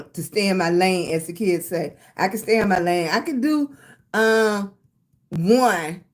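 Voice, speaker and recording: An older woman with a Southern US accent, chatting casually on her livestream and thanking viewers by name with endearments like sweetie and baby. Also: medium pitch. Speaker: livestream host.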